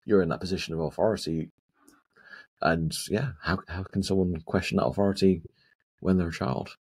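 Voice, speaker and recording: Very deep, breathy woman host. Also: fairly even intonation, fairly quick, a little mellow. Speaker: podcast host. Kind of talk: conversational interview.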